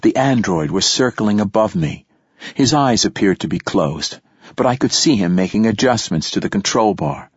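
A man narrating a story in the first person, in a steady, measured way. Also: lowish voice, slightly rough, no room sound. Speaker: audiobook narrator. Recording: dull lo-fi dry recording.

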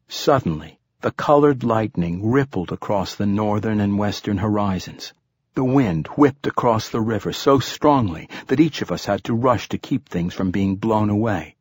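Casting: calm male audiobook narrator, husky low voice, dry close sound. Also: dry recording. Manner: calm, measured storytelling.

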